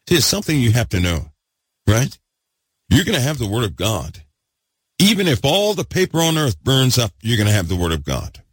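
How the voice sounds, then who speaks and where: A man preaching a fervent sermon, repeating himself and swinging between loud bursts and hushed asides. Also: medium pitch, big pitch swings, moderate pace, breathy edge, dry recording.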